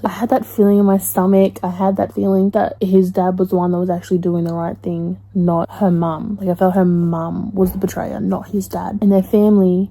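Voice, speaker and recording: A young woman in a casual reading vlog, chatty and expressive, talking straight to her viewers. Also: mid-range voice, poor audio. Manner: chatty, expressive, swings into loud distressed reactions. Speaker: book vlogger.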